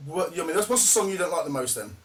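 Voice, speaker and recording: A man's voice: fairly high pitch, lively intonation, racing, distant mic. A man hosting a podcast in casual chat, laid-back and swearing freely. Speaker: podcast host.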